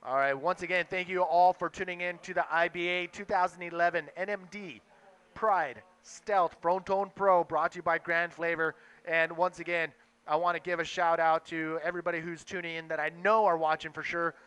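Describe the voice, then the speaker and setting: Bright, excitable male sports commentator. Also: on the high side, clear, resonant tone, dull audio. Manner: excitable, quick bursts over action. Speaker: play-by-play commentator.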